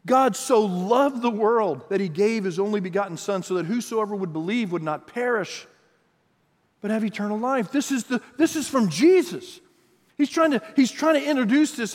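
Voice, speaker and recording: A man's voice: high-pitched, lively intonation, moderate pace, big-room sound. A man preaching an earnest sermon, reading scripture aloud and stretching words for emphasis. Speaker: pastor.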